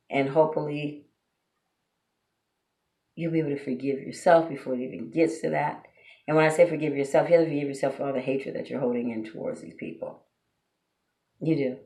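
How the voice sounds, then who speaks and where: A woman's voice: deep voice, mellow. A woman giving blunt relationship advice straight to her viewers, preachy and full of rhetorical questions. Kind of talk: direct-to-camera advice monologue. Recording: roomy echo.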